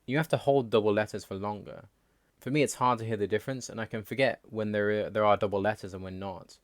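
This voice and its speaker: Low man, plain measured narration of a language lesson, dead dry sound. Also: fairly even intonation, no room sound. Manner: plain, measured reading with word lists. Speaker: language learning channel host. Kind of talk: scripted explainer narration.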